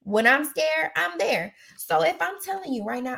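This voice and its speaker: Podcast host lady, gravelly fry in her voice, kinda high, blunt and emphatic giving advice. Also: expressive, normal speed, bright, forceful tone. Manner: outspoken, emphatic, repeats phrases for effect. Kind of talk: casual chat giving advice.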